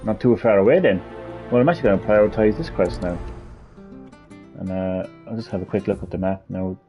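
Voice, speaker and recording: A man's voice: lowish voice, fairly quick. A man giving casual, rambling let's-play commentary, blunt and thinking aloud. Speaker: gaming video host. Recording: lo-fi with game music behind.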